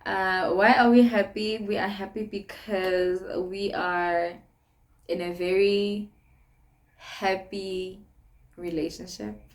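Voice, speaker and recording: A woman's voice: medium pitch, fairly even intonation, slow pace. A young woman with a South African accent chatting casually to camera in a sit-down vlog, laughing often between phrases. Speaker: vlogger.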